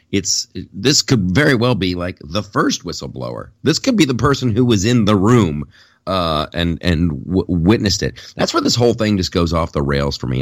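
A man co-hosting a podcast in casual political chat, jokey and animated, with many restarts. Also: low voice, no echo, studio quality. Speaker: podcast co-host.

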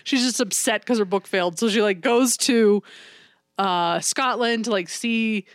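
A woman with a fairly high voice chats casually, retelling a plot with animated swings and plenty of swearing. She acts out what characters say in quick bursts. The sound is dry and close. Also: no echo. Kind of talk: casual chat.

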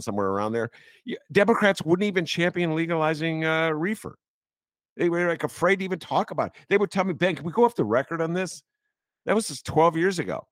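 A male podcast host in casual political talk, getting animated and excited as he goes. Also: a little high, no echo, clean studio sound. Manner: animated, gets excited and laughs.

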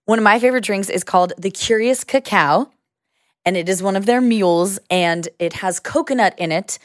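A woman's voice: mid-range voice, normal speed, no echo, studio quality. A woman co-hosting a casual chat, upbeat and enthusiastic. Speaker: co-host.

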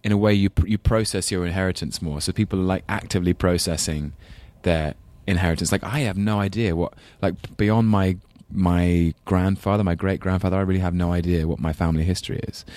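A man's voice: low voice, steady tone, brisk, hardly any pauses, darkish tone, dry recording. A man with a London English accent, chatting as an interview guest, thoughtful and rambling, with self-deprecating laughs. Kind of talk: casual interview chat.

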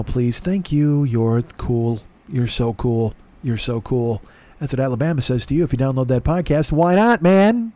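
A man hosting a podcast in a rambling, self-mocking comedic monologue, swearing freely and talking in circles. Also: a little high. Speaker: podcast host.

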